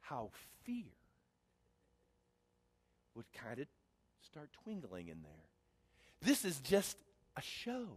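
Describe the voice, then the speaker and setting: A man's voice: medium pitch, wildly swooping pitch, takes it slowly, long pauses, slightly rough, in a large hall. A man telling a personal story in a sermon as a preacher, building to emphatic preaching.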